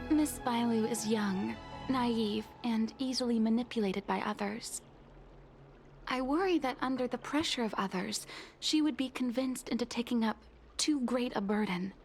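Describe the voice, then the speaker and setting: A woman's voice: fairly high pitch, measured pace, faint music behind. An actress playing a formal, devoted maid who worries for her young mistress, speaking in earnest, pleading game dialogue. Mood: worried pleading.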